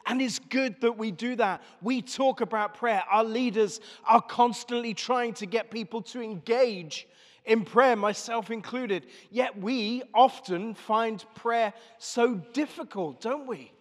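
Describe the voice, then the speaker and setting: A man with a high voice preaches a sermon. He talks to the congregation conversationally and keeps asking them questions. His voice carries a long reverb from the church around him. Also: unhurried. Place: church service.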